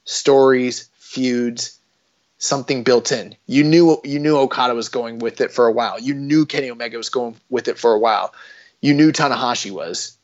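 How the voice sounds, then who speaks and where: A man co-hosting a podcast, talking in a loose, rambling way with jokes and casual swearing. His voice sits at an ordinary pitch. The recording is dull and lo-fi. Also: normal speed. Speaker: podcast co-host. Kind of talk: casual wrestling chat.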